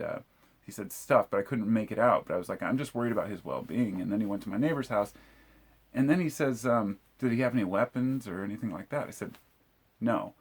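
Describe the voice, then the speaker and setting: A middle-aged man telling a story in a blunt, profane, casual way, with bursts of shouting when he quotes himself. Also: on the low side, slightly rough. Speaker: vlogger telling a true story.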